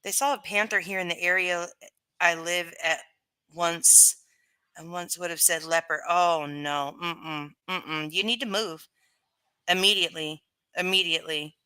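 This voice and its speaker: A woman's voice: lowish voice, measured pace, bright, forceful tone, clean tone. A woman chatting casually on a live stream, reading and answering viewer comments with plenty of fillers.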